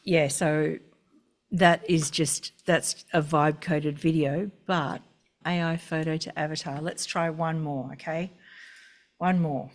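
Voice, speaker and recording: A woman's voice: sits low, fairly even intonation, takes it slowly. A woman hosting a casual video call, chatty and rambling, with lots of fillers. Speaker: webinar host.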